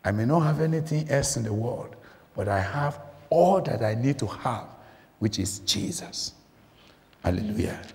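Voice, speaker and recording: A medium-pitched, slightly mellow male voice preaches at a moderate pace, expressive throughout. As guest preacher in a church, he questions his listeners emphatically and repeats phrases for weight, with long reverb in the recording.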